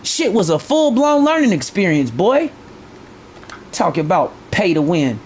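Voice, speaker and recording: A man's voice: high voice, big pitch swings, measured pace, a little hiss or hum. Blunt, profane male game streamer. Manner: blunt, profane, repeats himself while ranting. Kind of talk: live stream commentary.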